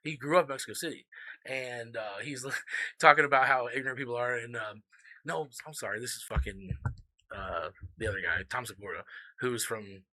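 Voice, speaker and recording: Middle-aged male podcast co-host; quick, bright, profane rambler, dry close-miked sound. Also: medium pitch, dry recording. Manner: rambling, profane, laughs often. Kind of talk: casual podcast chat.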